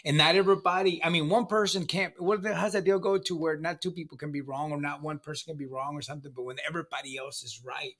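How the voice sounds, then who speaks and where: Rambling man, bright forceful voice. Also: a little high, fairly even intonation. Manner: rambling, halting, repeats words, says "man" often. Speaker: guest sharing recovery story. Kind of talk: casual conversation, personal storytelling.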